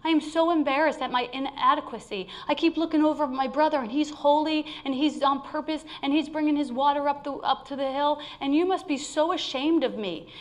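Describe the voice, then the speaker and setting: A woman's voice: high voice, brisk, hardly any pauses, voice pushed up, lightly acted. A woman voicing an ashamed, self-pitying cracked clay water pot in a spoken parable.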